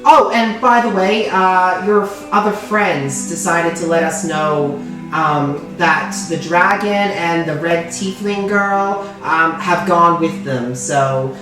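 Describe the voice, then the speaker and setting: A woman's voice: fairly low pitch, takes it slowly. A woman with an Australian accent voicing a friendly male innkeeper who talks in a chatty, hesitant way. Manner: chatty and hesitant, lots of ums. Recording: distant roomy sound with background music.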